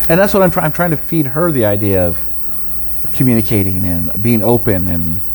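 A man chatting casually as co-host, telling family stories and getting animated when he quotes people. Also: fairly low pitch, brisk. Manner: storytelling, animated when quoting others. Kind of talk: casual chat. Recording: faint background noise.

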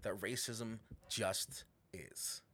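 A man's voice: fairly low pitch, very slow, bright, forceful tone, slight background noise. A man co-hosting a podcast, talking casually through prepared notes with a sarcastic edge and frequent swearing. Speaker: podcast co-host.

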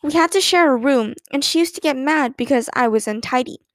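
A woman's voice: high voice, brisk, dry recording, studio quality, lightly acted. A woman voicing a playful grown-up aunt who recalls childhood mischief in a storybook reading. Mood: amused.

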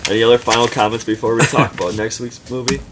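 A man's voice: medium pitch, fairly even intonation, quick pace. A man hosting a casual movie podcast, chatty and laughing, full of "like" fillers. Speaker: podcast host. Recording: noisy recording.

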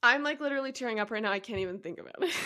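A woman's voice: high voice, bright, forceful tone. A woman co-hosting a casual book podcast, talking animatedly and emphatically, often laughing and swearing as she chats. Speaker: podcast co-host. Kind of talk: casual chat about books.

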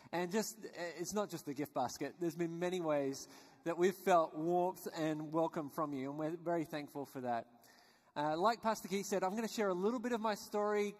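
A man with a high voice gives an earnest, conversational sermon to a church congregation. His words ring out with a long reverb in a large church hall. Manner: earnest, conversational preaching with small restarts. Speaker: guest preacher. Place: church sanctuary.

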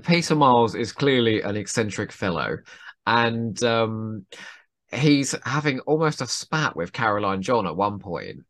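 A man hosting a casual chat, enthusiastic and quick to laugh. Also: on the low side, lively intonation, a bit bright, no echo. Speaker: podcast host.

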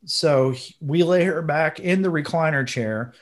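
A man's voice: fairly high pitch, measured pace. A man hosting a podcast, telling a story in a casual, earnest and emotional way, dropping slang like bro and dude. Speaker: podcast host.

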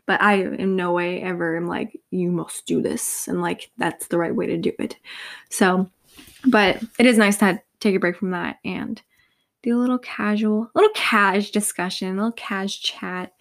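A woman's voice: medium pitch, fairly even intonation, moderate pace, vocal fry. A young woman in her twenties hosting a casual solo podcast, tired and yawning, rambling with many fillers. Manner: rambling, filler-heavy, lots of "like". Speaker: podcast host.

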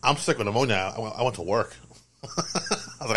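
A man's voice: on the low side, fast, a crowd in the background. A young married man telling stories in casual chat, stammering and repeating himself, swearing freely. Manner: rambling, stammering, profane.

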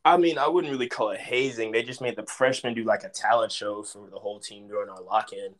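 Young man telling a lively story. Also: lowish voice, fast. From Dallas, Texas. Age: young adult. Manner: animated storyteller, acts out quotes loudly. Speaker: podcast guest, former college football player. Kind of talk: casual storytelling interview.

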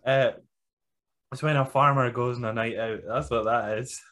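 A man's voice: medium pitch, steady tone, normal speed, a bit bright. A man co-hosting a podcast, recapping wrestling in blunt, sweary casual chat and laughing often.

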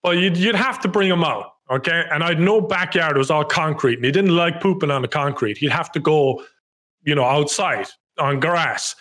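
A man's voice: on the high side, moderate pace, fairly bright tone. A young man in casual podcast chat who lays out his story step by step, checking in with his listeners. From Ireland. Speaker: podcast co-host.

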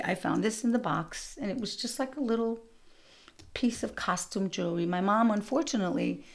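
A middle-aged woman hosting a show, telling family stories in an animated, punchy way with sudden loud bursts. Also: mid-range voice, gravelly. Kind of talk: storytelling monologue.

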